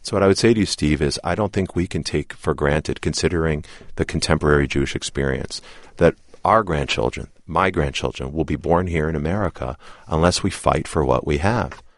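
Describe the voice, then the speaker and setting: A man answering interview questions in an earnest, deliberate way. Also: extremely low pitch, dry recording, clean studio sound. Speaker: interview guest.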